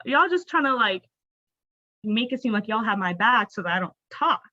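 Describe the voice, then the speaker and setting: A woman's voice: a little high, big pitch swings, moderate pace, pushed and bright. A young adult woman, a podcast guest, telling her personal story candidly and expressively, with lots of "like" fillers. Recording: dull, dry, lo-fi sound.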